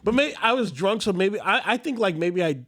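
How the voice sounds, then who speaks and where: A man's voice: high voice, brisk, no echo. A man co-hosting a podcast, telling stories in casual chat, swearing often and acting out what people said. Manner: animated storyteller, swears often, acts out quotes. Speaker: podcast co-host.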